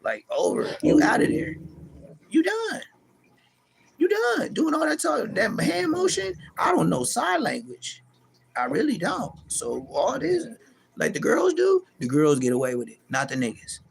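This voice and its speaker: Gravelly, animated man ranting. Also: moderate pace, a little hiss or hum. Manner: animated, profane, taunting, pitch leaping high in mocking bursts. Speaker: street vlogger. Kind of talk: heated callout rant to camera.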